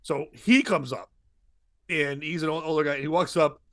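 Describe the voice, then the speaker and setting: A man's voice: fairly high pitch, moderate pace, no room sound. A man hosting a podcast, telling a long comic story and acting out the voices of the people in it. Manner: animated, acts out quoted voices. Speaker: podcast host and comedian. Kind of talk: storytelling chat.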